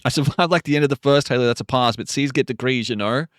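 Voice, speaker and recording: A man's voice: medium pitch, quick pace, a bit bright, no echo, studio quality. A man in his forties, a streamer, casually chatting and ranting wryly while reacting to videos. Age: 40s. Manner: ranting, wry and exasperated.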